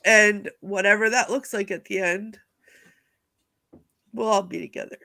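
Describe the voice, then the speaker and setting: A woman's voice: medium pitch, steady tone, measured pace, creaky, bright, forceful tone. A woman co-hosting a podcast in casual chat, emotional and giggly as she talks. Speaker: podcast co-host.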